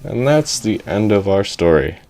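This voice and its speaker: A man telling an improvised story in a rambling, excitable way, often chuckling. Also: lowish voice, normal speed.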